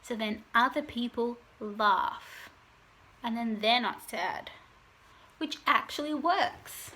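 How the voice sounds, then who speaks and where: A woman's voice: on the high side, slow, bright, forceful tone. A young woman, chatting to camera at home in a meandering, self-deprecating, wry way. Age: young adult. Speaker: vlogger. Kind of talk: casual confessional chat to camera.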